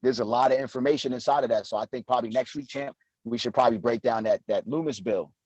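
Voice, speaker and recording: A man's voice: medium pitch, quick pace, a little mellow, dry recording, highs cut off. A man co-hosting a casual crypto livestream, joking and laid-back. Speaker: crypto show co-host.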